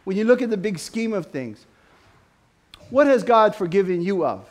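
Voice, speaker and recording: A man preaching a sermon to his church, with an animated style that rises to loud, emphatic questions. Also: high voice, normal speed. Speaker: pastor.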